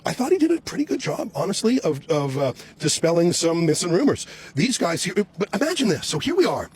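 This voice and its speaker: A man reporting outdoors on the street, loudly and sarcastically firing questions at police officers. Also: fairly high pitch, huge pitch swings, fairly quick, slight background noise.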